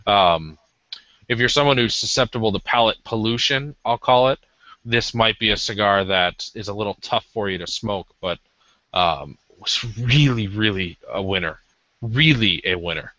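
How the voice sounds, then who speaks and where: Man, lowish bright voice, rambling casual podcast chat, dull dry audio. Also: moderate pace, dry recording. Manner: rambling, hesitant with many ums. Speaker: podcast co-host. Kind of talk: casual cigar review chat.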